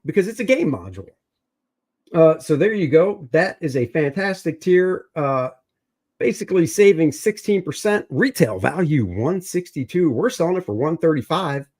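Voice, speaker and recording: Jokey livestream host, man, fairly high voice, plugs and lists items briskly. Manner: joking, upbeat, lists items and plugs channels. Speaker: comic artist and show host. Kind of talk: casual livestream chat and sales pitch.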